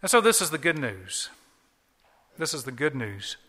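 A man's voice: mid-range voice, big pitch swings, normal speed, pushed and bright, in a large hall. A man preaching a sermon as pastor, earnest and emphatic, often repeating key phrases. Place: church.

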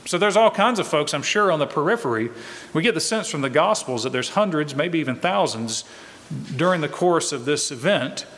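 A pastor preaching a verse-by-verse sermon, teaching in a conversational way and asking rhetorical questions. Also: male voice, fairly high pitch, lively intonation, a little fast, a bit bright, big-room sound. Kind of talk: expository sermon.

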